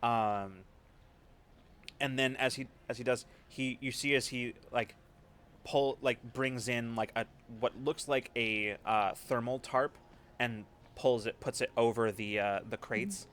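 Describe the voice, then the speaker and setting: A man's voice: medium pitch, fairly even intonation, measured pace, fairly bright tone. A male game master narrating a tabletop session in a loose, conversational way. His mid-range voice meanders through "like" and "um" as he describes the scene. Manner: casual, filler-heavy narration.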